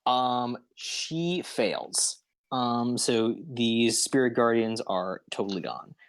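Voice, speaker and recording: Slow, dry-voiced male game master. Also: medium pitch, smooth, no room sound. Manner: unhurried, with frequent ums and uhs. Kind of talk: narrating a tabletop game.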